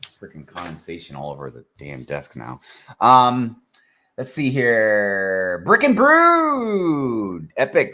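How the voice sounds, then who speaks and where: A man's voice: on the low side, huge pitch swings, slow pace, bright, forceful tone. A man hosting a casual live stream, chatting and greeting viewers.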